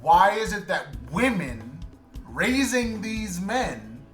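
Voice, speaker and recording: A man's voice: high voice, sing-song, slow pace, fairly bright tone, reverberant, soft background music. A man co-hosting a podcast, talking casually and earnestly, often restarting while he searches for the right words. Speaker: podcast co-host. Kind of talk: casual chat.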